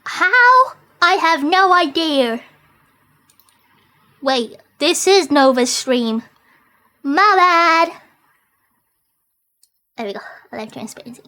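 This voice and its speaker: A woman's voice: sits high, animated, slow, pauses often, pushed and bright. A woman streaming live, talking casually in a goofy way, stalling with fillers and repeats.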